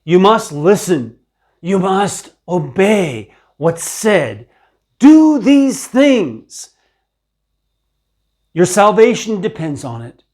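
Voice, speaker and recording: A man delivers a stern sermon, rebuking his listeners in a terse but gentle tone. His voice sits high and swings widely in pitch, and he speaks slowly, leaning on each phrase. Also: lively intonation. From Ukraine. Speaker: preacher. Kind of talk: scripture teaching sermon.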